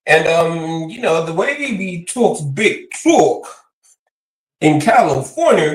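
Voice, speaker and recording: A man's voice: a little high, very animated, takes it slowly. Rambling man, echoey and distant. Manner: rambling, laid-back. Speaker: guest. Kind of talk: casual live-stream chat.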